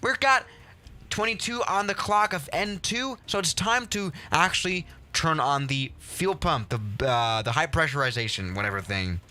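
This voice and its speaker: A young man hosting a game livestream, chatting casually in an excitable, rambling and self-mocking way. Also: on the high side, normal speed. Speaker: livestream host.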